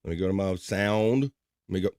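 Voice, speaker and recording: A man's voice: sits low, a little fast, darkish tone, clear, resonant tone, dry recording, studio quality. A man hosting a casual live stream, reading viewer comments aloud and bantering with his chat. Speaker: livestream host reading chat. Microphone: studio microphone.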